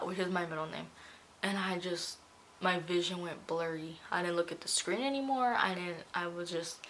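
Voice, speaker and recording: A woman's voice: fairly low pitch, fairly bright tone, slight background noise. A young woman telling a personal story in a casual vlog, emotional and close to tears at times. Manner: emotional, tearful retelling. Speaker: vlogger.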